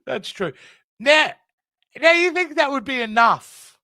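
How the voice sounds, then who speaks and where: Australian man, podcast co-host, lively high pitch, dry close sound, exasperated and rambling. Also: unhurried, no echo. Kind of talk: casual podcast chat.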